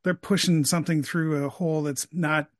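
A man hosting an interview, chatting casually with many quick asides and restarts. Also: a little high, fairly even intonation, no room sound, studio quality. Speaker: podcast host, interviewer.

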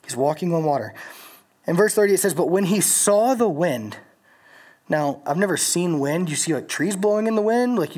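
A preacher giving a casual, animated sermon in slangy, conversational talk. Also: medium pitch.

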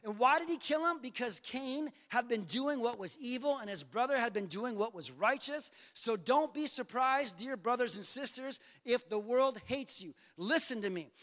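A man preaching a passionate sermon as pastor, repeating phrases and building to shouts. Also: very high-pitched, long reverb tail. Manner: passionate, repetitive, rising to shouts.

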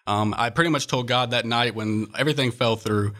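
A man's voice: medium pitch, brisk, sharp tone. A young man as an interview guest, earnestly telling a personal faith story with frequent fillers.

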